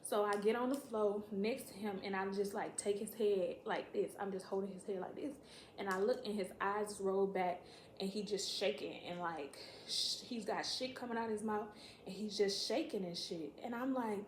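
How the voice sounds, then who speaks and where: A woman telling a story to camera in a casual, profane, animated way, acting out what people said. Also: mid-range voice, moderate pace, a little hiss or hum. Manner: profane, animated, acts out quotes. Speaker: storytime vlogger. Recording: echoey room.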